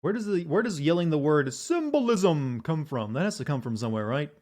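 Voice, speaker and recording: A man chatting casually with his viewers while streaming a game, in a flat, deadpan voice. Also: on the high side, a little fast. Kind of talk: casual livestream chat.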